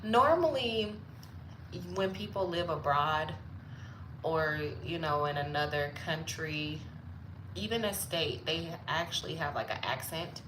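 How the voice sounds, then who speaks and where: A woman's voice: deep voice, measured pace, reverberant, noisy background. A woman chatting playfully with viewers during a casual live stream.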